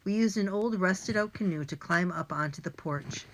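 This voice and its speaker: A woman narrating a first-person children's audiobook in a lively, plain and clear storytelling manner. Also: fairly low pitch, moderate pace.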